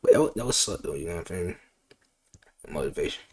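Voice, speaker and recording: A man talking casually and haltingly, often saying "you feel me". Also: low voice, very animated, a little mellow. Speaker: interviewee. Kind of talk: casual chat.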